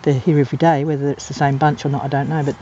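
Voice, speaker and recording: A woman's voice: low-pitched, flat delivery, racing, dark tone, slight background noise. A woman from England talking casually while filming outdoors on a golf course, rambling through anecdotes with plenty of ums and uhs. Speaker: amateur nature videographer. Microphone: handheld camera mic. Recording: slightly dull, muffled outdoor recording.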